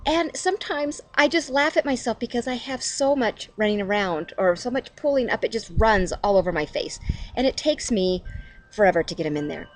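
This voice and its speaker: A woman's voice: a little high, animated, a little fast, slight background noise. A middle-aged woman hosting a casual devotional video, talking chattily to camera at home and laughing at herself.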